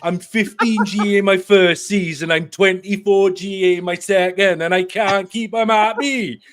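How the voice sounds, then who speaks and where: A man's voice: sits high, steady tone, a little slow, voice pushed up. A man putting on a Welsh accent as an exasperated young male footballer complaining in an interview. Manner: exasperated, shouting at peaks.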